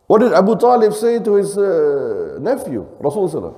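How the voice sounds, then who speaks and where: Male imam, dark mellow voice, sermon in a hall with long reverb, rhetorical questions. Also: high voice, expressive, brisk, hardly any pauses. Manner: preaching with Arabic phrases mixed in, rhetorical questions, acting out quotes. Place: mosque hall.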